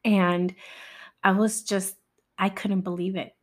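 Slow, halting woman telling her story. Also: mid-range voice, level tone. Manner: slow, halting, with many fillers and pauses; candid, occasionally swearing. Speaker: survivor sharing her story. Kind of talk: personal storytelling.

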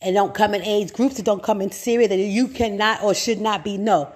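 A middle-aged woman preaching straight to her listeners, raw and full of swearing, calling them baby and y'all. She hammers her points home with repetition and gets louder as she gets worked up. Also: medium pitch, a little fast. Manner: emphatic repetition, rising with excitement. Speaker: podcast host. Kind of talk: motivational monologue.

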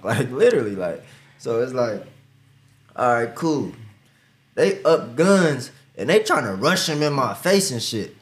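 A man's voice: medium pitch, big pitch swings, normal speed. A young man from Ohio telling a story in casual street slang, often saying "you feel me". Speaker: guest, upcoming rapper.

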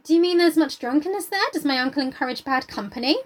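A woman's voice: high voice, fast talker, crowd noise, voice pushed up, lightly acted. A woman reading the lines of a determined young woman pressing for answers. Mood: probing. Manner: earnest, pressing questions.

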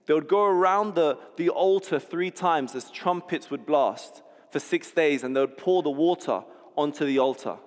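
A man's voice: on the high side, moderate pace. A man preaching a sermon, telling a scene vividly and often restarting words as he goes. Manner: vivid storytelling, repeats words when restarting. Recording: long hall reverb.

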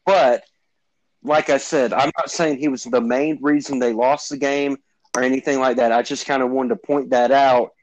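A man's voice: mid-range voice, steady tone, no echo, dull audio. A man co-hosting a football podcast in an ordinary mid-range voice. He lays out his view carefully, hedging with many ums and restarts. The recording is dry and close. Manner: measured, hedging, many fillers. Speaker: sports podcast co-host. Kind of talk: sports debate.

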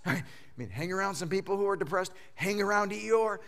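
A male pastor preaching a sermon, swinging between loud emphatic bursts and hushed lines, often repeating phrases for effect. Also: sits high, brisk.

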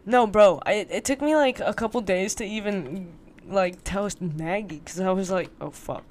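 A woman's voice: mid-range voice, moderate pace. A young adult woman co-hosting a podcast, chatting casually with lots of slang and acting out conversations as she tells a story. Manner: slangy and animated, acting out quoted exchanges. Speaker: podcast co-host. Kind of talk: casual chat.

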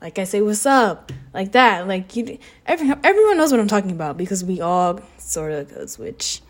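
A teenage girl who is a high school student, rambling and oversharing in a casual confessional vlog at home, sarcastic and full of fillers. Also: sing-song, moderate pace. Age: teens. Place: home living room.

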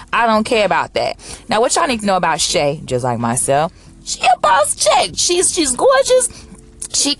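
Sassy, animated woman recapping reality TV. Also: mid-range voice, slight background noise. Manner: animated, sassy storyteller acting out quotes. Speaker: reality TV commentator. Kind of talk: casual recap commentary.

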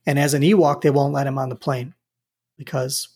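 Husky-voiced man in casual chat. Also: medium pitch, little pitch movement, brisk, a little mellow. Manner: rambling, amused retelling with restarts.

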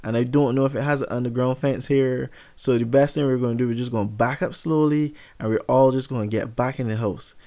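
A man's voice: medium pitch, fairly even intonation, fairly quick, few pauses, warm tone, close to an everyday voice. A man playing a bossy, scolding dad. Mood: cautious. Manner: scolding, insistent. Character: bossy middle-aged father, stern and defensive.

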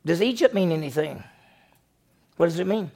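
Man, pastor, gravelly voice, fairly high pitch, animated preaching. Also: moderate pace. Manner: animated preaching, questions to the congregation. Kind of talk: sermon.

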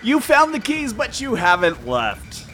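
Bright-voiced man narrating a horror game. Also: huge pitch swings, unhurried, a little hiss or hum. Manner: teasing, dramatic narration with sudden pitch jumps. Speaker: game master.

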